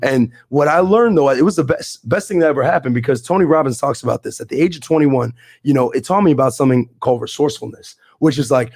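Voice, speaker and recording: Fast-talking young man telling his story. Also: medium pitch, a little mellow, no echo, studio quality. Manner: fast, emphatic, street slang. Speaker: podcast guest, real estate investor. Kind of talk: casual storytelling and explaining.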